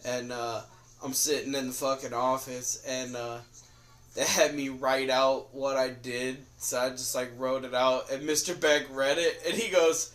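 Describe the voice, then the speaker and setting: A man's voice: mid-range voice, little pitch movement, a little slow, a bit bright. Profane, rambling young man telling stories. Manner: profane, rambling storytelling with frequent fillers. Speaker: podcast co-host. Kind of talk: casual chat.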